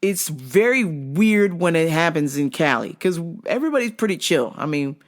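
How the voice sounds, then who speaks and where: A woman's voice: deep voice, moderate pace. A woman hosting her show, telling a story casually with swearing and acted-out voices. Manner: animated, swears freely, acts out voices. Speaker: show host.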